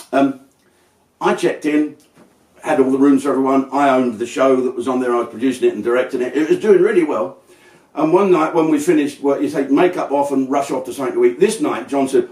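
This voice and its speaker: A man's voice: medium pitch, a little mellow, far from the mic. A man telling a crude, brash comic story, acting out the people in it. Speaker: comedian. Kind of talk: stand-up storytelling. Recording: roomy and off-mic.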